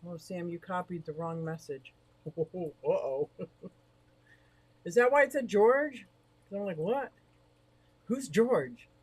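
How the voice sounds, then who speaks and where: A middle-aged woman hosting a casual livestream from beside her fish tank, chatting in a bubbly, rambling way and reading out viewer comments. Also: fairly low pitch. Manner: bubbly, rambling, quick to laugh. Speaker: livestream host of an aquarium shop.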